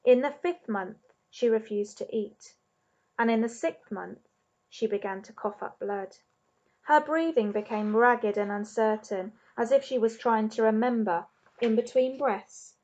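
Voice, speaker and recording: English teacher reading a storybook aloud. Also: female voice, on the high side, dull audio. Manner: expressive, measured storytelling. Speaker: primary school teacher.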